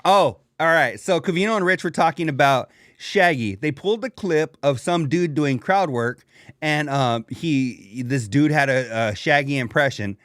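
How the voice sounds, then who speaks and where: A man's voice: on the high side, lively intonation, moderate pace, fairly bright tone, dry recording, studio quality. A man co-hosting a podcast in casual, slangy chat, laid-back and laughing often. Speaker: podcast co-host.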